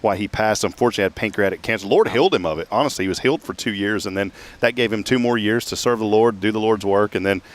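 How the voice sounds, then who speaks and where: A man's voice: lowish voice, fast, hardly any pauses. A man hosting a local fundraiser show from an outdoor parking lot, chatting casually and joking. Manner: joking, chatty, self-mocking. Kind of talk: casual live chat.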